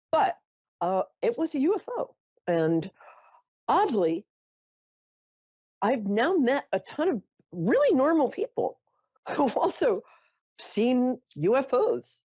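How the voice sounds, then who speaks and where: A New York woman with a warm, lowish voice hosts a psychic call-in show, heard on a muffled recording with no echo. She tells a story to callers in a casual, chatty, theatrical way, dropping self-mocking asides.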